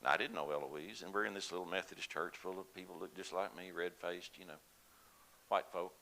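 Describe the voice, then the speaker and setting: A man's voice: sits low, steady tone, a little fast, gravelly, sharp tone, poor audio. An older man telling a personal story to a congregation in a folksy, conversational way. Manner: folksy, conversational, with laughs and asides. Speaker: lay speaker at a church service.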